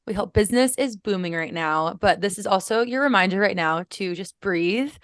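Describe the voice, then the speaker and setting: A woman's voice: medium pitch, normal speed, dry recording. A woman co-hosting a podcast, giving an upbeat and reassuring welcome as she chats casually. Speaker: podcast co-host. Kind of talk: casual podcast intro and chat.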